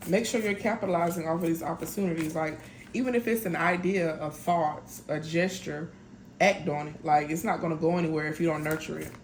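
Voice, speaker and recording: Chatty woman reading tarot, low voice. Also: fairly quick, slight background noise. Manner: chatty, blunt, lots of "y'all" and "like". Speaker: tarot reader.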